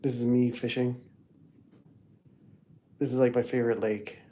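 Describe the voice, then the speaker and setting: A man's voice: medium pitch, flat delivery, unhurried, warm tone. A middle-aged man hosting a casual livestream, rambling through family photos and chatting to viewers by name. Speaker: livestream host.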